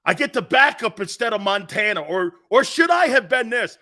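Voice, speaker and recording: Male sports show host, combative rant, high bright voice that swings all over the place. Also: sing-song, moderate pace. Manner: blunt, combative, mocking imitations of others. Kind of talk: opinionated sports radio rant.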